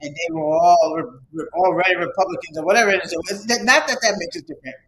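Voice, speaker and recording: A man's voice: high-pitched, fast talker, a bit bright, low-quality recording. A man who teaches an online course, giving his students a casual, rambling, repetitive motivational talk with emphatic repeated urging. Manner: casual, conversational.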